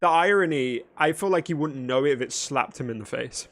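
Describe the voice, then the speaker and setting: A man's voice: medium pitch, a little fast, a bit bright, slight background noise. A man, a streamer, commenting dryly and sarcastically on clips in a response video. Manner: dry, sarcastic, mocking.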